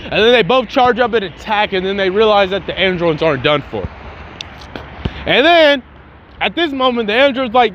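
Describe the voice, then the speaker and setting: High-voiced man telling a fan story. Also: normal speed, muffled recording, a little hiss or hum. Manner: animated, slangy, mouths fight sound effects. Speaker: fan channel host. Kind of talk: casual storytelling narration.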